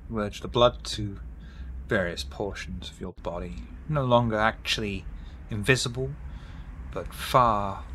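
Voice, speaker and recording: A man running a tabletop horror game, describing scenes and pausing to answer players' questions. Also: fairly low pitch, fairly bright tone, slight background noise. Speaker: game master.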